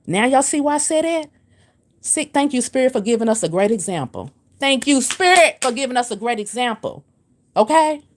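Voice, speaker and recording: A woman hosts a spiritual livestream. She scolds and preaches at a commenter, hammering her points with repetition. Her pitch swoops from low and firm to high and emphatic. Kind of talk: livestream rant answering comments.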